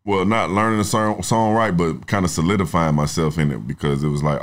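A young adult songwriter in casual podcast talk, rambling through stories with plenty of profanity. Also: male voice, low-pitched, fairly even intonation, brisk. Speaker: songwriter guest.

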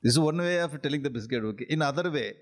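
A man with an Indian English accent and a fairly high voice with lively intonation gives an interactive scripture class as a spiritual teacher. He often chuckles, keeps checking comprehension with questions like "are you getting it?", and slowly draws out Sanskrit phrases.

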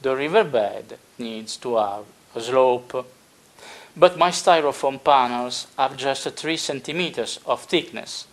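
A man explaining his model-building project step by step, with many pauses and filler sounds. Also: mid-range voice. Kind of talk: unscripted tutorial narration.

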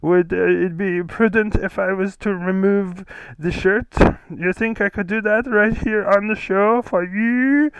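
A man's voice: high voice, steady tone, a little slow, few pauses, fairly bright tone, clean tone, dry recording, highs cut off. A man in an improvised comedy sketch playing an earnest, rambling guest whose clothes keep disappearing.

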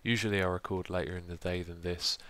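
A young man in groggy morning voice, calmly narrating his building work in a casual gameplay commentary with frequent ums. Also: low voice, fast talker. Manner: steady, explanatory, frequent ums. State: groggy morning voice, deeper than usual. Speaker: let's play host.

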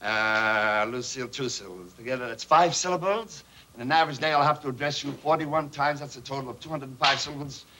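An actor playing a bossy, fast-talking efficiency expert in a 1960s sitcom who barks orders and repeats words in rapid bursts. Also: male voice, medium pitch, pushed and bright, close to an everyday voice, poor audio. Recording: hissy old TV soundtrack.

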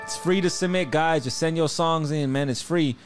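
A man's voice: fairly high pitch, moderate pace. A man hosting a live music review stream, joking around in loose, profane slang and thanking viewers for tips. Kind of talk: casual chat, reviewing submitted songs. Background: music playing.

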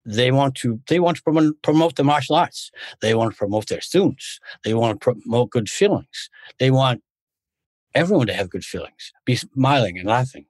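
A man's voice: mid-range voice, expressive, moderate pace, darkish tone, no room sound. A man talking as a podcast guest, a martial arts instructor in casual conversation, who rambles through stories and restarts his sentences. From United States. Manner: rambling storyteller, restarts often.

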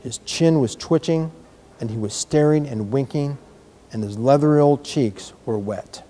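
A man reading a children's novel aloud in a measured, gentle storytelling manner. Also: medium pitch. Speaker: reader.

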